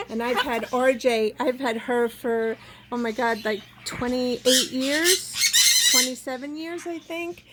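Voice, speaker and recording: A middle-aged woman who keeps parrots, chatting casually to her viewers and gushing to her birds in a sing-song baby-talk voice, often laughing. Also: fairly high pitch. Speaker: parrot keeper at a home zoo. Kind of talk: casual vlog, talking to her pet birds. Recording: noisy room with squawking birds. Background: parrots squawking and chattering.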